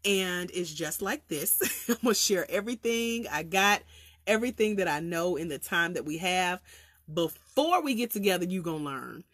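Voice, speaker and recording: A woman's voice: on the low side, moderate pace, no room sound. A woman with a Southern country accent, a life coach trainer talking casually and energetically to viewers on a livestream, laughing often and using colloquial phrasing. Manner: lively, chatty, preacherly.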